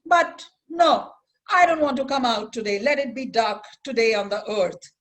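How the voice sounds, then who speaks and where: A woman's voice: fairly high pitch, normal speed, a bit bright, natural voice. A woman voicing a grumpy, stubborn male sun in a children's story, speaking curtly and refusing. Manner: curt, refusing.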